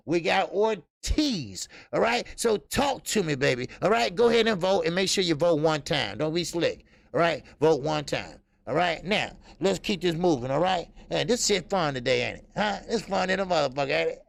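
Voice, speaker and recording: A man's voice: high-pitched, vocal fry, dry recording. A middle-aged man hosting a boxing show in loose, profane, joking casual chat, full of filler sounds. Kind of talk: casual live-stream chat.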